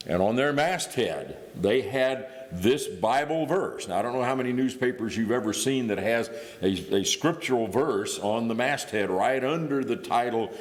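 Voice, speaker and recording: A man's voice: medium pitch, lively intonation, normal speed, hardly any pauses. A middle-aged man from Indiana giving a guest sermon in a church, talking it through in a conversational way with small restarts. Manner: conversational, thinking aloud with restarts. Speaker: guest preacher. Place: church hall. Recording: reverberant church hall.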